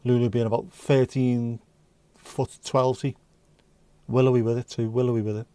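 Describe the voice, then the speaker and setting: A man's voice: mid-range voice, level tone, normal speed, dark tone, smooth, no echo. A man from North West England, hosting a casual livestream and bantering with chat comments. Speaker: livestream host.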